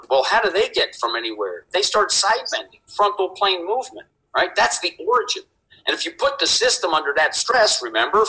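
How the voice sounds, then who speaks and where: Animated man explaining with big emphasis. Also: a little high, low-quality recording. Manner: animated, emphatic, swears, repeats "right?". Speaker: guest, fitness inventor. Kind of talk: energetic podcast explanation.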